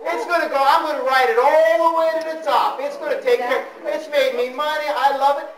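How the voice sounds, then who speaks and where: A man's voice: extremely high pitch, steady tone, fairly quick, a crowd in the background, pitched above the performer's own voice. A man mimicking a stubborn older woman investor who gushes over her favorite stock and refuses to sell, heard in a roomy hall from a distance. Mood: gushing, defiant. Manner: gushing, indignant.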